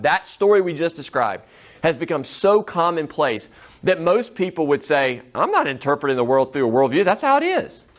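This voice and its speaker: Male teacher in a classroom with a slightly high voice. Casual lecturing style, keeps checking in with the class. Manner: conversational, checks in with students often.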